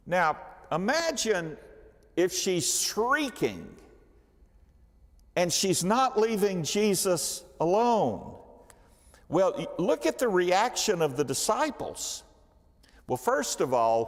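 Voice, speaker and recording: A man's voice: a little high, in a large hall. A man teaching a church Bible study class, telling the story with animation and asking the class questions. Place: church hall.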